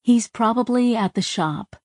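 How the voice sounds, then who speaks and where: A woman narrator voicing an artificial girl who answers in a steady, soothing, evasive way. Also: a little high, unhurried, dry recording, studio quality, voice pushed up. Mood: calm reassuring.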